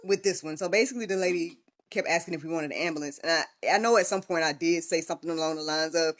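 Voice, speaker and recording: A woman's voice: fairly low pitch, fast. A young woman telling a personal story in a casual livestream, chatty and full of fillers and restarts. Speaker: vlogger and podcast host.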